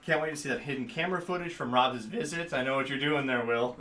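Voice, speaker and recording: An easygoing man joins a livestream as a guest, joking around and reading out viewer comments. His voice is bright and forward. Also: mid-range voice, fast, slight background noise. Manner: easygoing, joking, reads chat comments aloud. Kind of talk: casual livestream chat.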